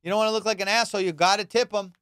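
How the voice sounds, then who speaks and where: Animated, profane comedian telling a story. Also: male voice, high-pitched, racing, clean tone, dry recording, studio quality. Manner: profane, animated, acts out quotes. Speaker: podcast host and comedian.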